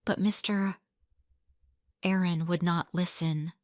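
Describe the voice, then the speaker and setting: A woman's voice: on the low side, steady tone, no room sound, studio quality. A woman reading a simple love story aloud as narrator for English learners. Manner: slow, clear, simple storytelling.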